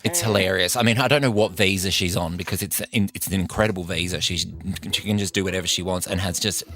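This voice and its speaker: A man's voice: sits low, fairly bright tone. A man co-hosting a radio show, chatting casually and joking about celebrity gossip. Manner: gossipy, chatty, quick to joke. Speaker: radio co-host. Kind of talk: casual chat.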